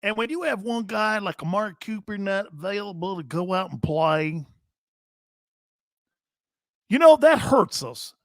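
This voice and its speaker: A man putting on a folksy older male football team owner with a slow Southern drawl. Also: sits high, animated, no room sound, studio quality.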